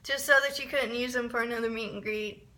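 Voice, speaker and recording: A young woman telling a rambling, excitable story in a casual vlog, often restarting her sentences. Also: fairly high pitch, fast talker. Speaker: vlogger.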